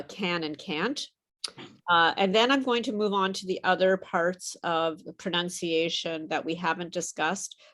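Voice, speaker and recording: A woman teaching English pronunciation, encouraging and patient, explaining with frequent fillers. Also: on the low side. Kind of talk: online pronunciation lesson.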